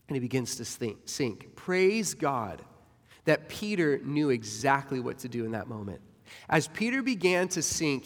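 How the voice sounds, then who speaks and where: Emphatic preacher man in a reverberant hall. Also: a little high. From United States. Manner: emphatic, rhetorical questions to the congregation. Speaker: pastor. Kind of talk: sermon.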